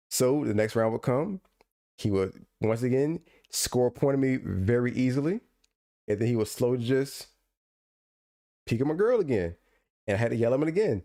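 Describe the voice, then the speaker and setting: This podcast co-host speaks at medium pitch and normal speed. He's an animated storyteller who chats casually, goes on playful rants, and often repeats himself or restarts his sentences.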